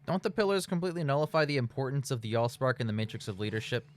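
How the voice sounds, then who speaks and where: A man's voice: medium pitch, lively intonation, racing. A man co-hosting a casual film review, sarcastic and nitpicking, swearing freely. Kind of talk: casual riffing commentary.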